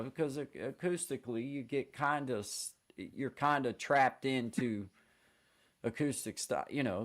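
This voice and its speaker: Laid-back man with a gravelly low voice. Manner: laid-back, friendly, says "man" a lot. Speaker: livestream host. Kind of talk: casual chat. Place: a room at home. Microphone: computer mic on a streaming call.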